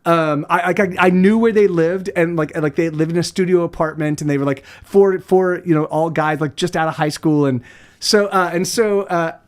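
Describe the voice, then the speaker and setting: Rambling high-voiced male streamer. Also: moderate pace. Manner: rambling, profane, many restarts. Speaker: musician streamer. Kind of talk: casual livestream chat.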